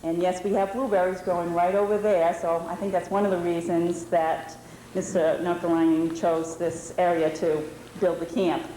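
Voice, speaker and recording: A woman's voice: lowish voice, level tone, normal speed, warm tone. A woman in her forties from New England, giving an informal, explanatory talk to a meeting audience. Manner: explanatory, conversational, with fillers. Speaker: presenter at a historical society meeting. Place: indoor lodge meeting hall. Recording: roomy hall recording with faint background noise.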